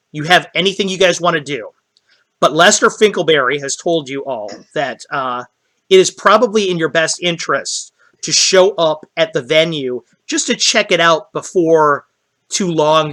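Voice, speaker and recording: A man's voice: on the high side, normal speed, sharp tone. A man narrating a tabletop game as dungeon master, rambling with many fillers.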